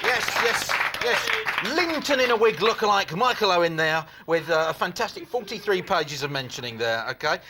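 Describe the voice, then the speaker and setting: High lively British TV presenter. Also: male voice, normal speed, over a noisy crowd, very noisy. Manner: playful, teasing, silly repeated catchphrases. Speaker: breakfast TV presenter. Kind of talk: jokey live breakfast TV banter. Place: TV studio.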